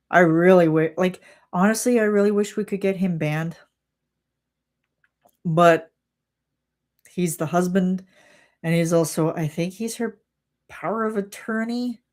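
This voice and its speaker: A woman's voice: on the low side, a little mellow. A young woman on a livestream chat, animatedly retelling an exasperating workplace story and acting out what people said. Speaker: streamer.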